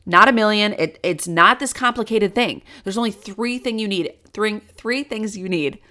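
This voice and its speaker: A woman's voice: mid-range voice, normal speed, pushed and bright. A woman who taught in schools, enthusiastically explaining reading skills to parents with everyday examples. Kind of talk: teaching talk to parents.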